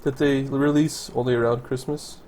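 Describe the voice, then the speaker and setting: A man's voice: mid-range voice, steady tone, moderate pace, a little mellow, a little hiss or hum. A man casually commenting on his city-building game, thinking aloud and correcting himself as he goes. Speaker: let's play commentator.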